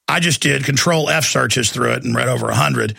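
Man ranting hard on his talk show, bright edgy gravelly voice, dry close sound. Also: mid-range voice, brisk, no echo. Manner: fervent, emphatic, alarmist. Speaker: talk radio host. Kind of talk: ranting commentary.

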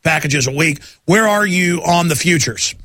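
Man, radio host, emphatic rant, dry studio sound, raised pitch. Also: normal speed, sharp tone, dry recording. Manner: ranting, emphatic, many restarts. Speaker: radio talk show host. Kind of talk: talk radio monologue. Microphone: studio microphone.

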